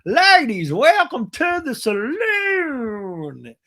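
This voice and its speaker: A man voicing a reality-show woman playing a saloon hostess, with a slow, toothless-sounding Texas drawl. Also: extremely high pitch, huge pitch swings, sharp tone, pitched above the performer's own voice, heavily acted.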